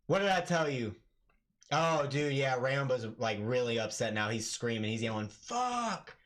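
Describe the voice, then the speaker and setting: Calling an MMA fight live on his stream, this man speaks in a mid-range voice. His play-by-play is casual, breaking into excited yelling whenever something big happens.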